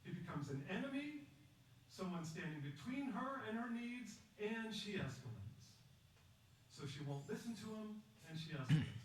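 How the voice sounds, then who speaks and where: A man giving a prepared public talk, measured and emphatic, telling a story and asking rhetorical questions. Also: high-pitched. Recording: echoey distant recording with faint background noise.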